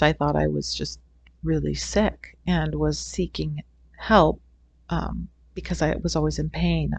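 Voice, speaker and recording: A woman's voice: sits low, no room sound. A middle-aged woman, a holistic healing teacher, telling a personal story in an earnest, rambling way. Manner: rambling, earnest, with frequent restarts. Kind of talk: casual storytelling talk.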